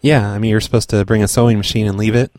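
A man making a prank phone call, pushy, rude and deadpan. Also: lowish voice, racing, no room sound. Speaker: prank caller.

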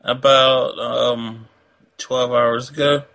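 A man's voice: mid-range voice, flat delivery, very slow, gravelly, pushed and bright. A man with a Southern US accent, hosting a prank call show with brash, crude jokes. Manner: brash, joking, laughs often. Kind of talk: crude comedic banter.

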